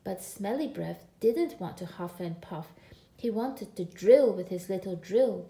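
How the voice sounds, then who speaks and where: A woman reading a children's picture book aloud in an expressive, drawn-out way. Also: mid-range voice. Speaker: storyteller. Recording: echoey room.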